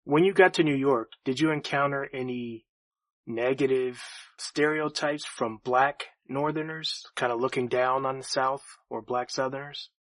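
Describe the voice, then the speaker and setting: A man hosting a podcast interview who asks questions in a calm, attentive way. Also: medium pitch, measured pace, no echo. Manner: calm and attentive, with short backchannel hums. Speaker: podcast host.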